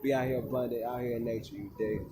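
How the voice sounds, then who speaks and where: A man's voice: medium pitch, steady tone, fast, noisy background. A man, a wellness coach, talking to his viewers in an emphatic, preachy way with lots of casual slang. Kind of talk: informal monologue to viewers.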